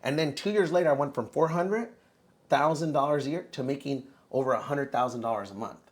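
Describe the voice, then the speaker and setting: A man in his thirties, a podcast guest, telling his own story in casual, animated talk and calling the host bro. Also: mid-range voice, fairly quick. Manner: animated, says bro a lot.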